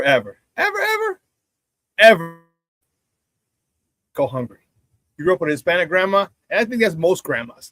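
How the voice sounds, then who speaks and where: A man's voice: high-pitched, fairly bright tone, no room sound. A man hosting a casual live sports talk show, chatting with viewers, laughing often and repeating phrases for emphasis.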